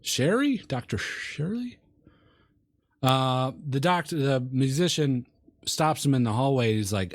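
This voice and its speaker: A man co-hosting a movie review podcast, retelling film scenes in a halting way with lots of ums and uhs. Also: medium pitch, expressive, no echo, studio quality. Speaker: podcast co-host. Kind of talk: casual movie review chat.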